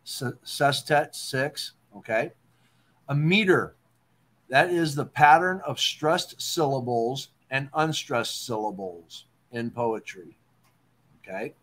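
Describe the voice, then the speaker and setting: A male talk-show host with a mid-range voice. He explains poetry terms in a relaxed, patient way and keeps pausing to check in with "okay?". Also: mid-range voice. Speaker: podcast host.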